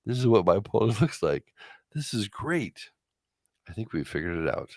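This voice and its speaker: A man's voice: lowish voice, big pitch swings, normal speed, darkish tone, dry recording, clean studio sound. A man hosting a live stream, reacting to results with profane, incredulous, theatrical commentary. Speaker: streamer host.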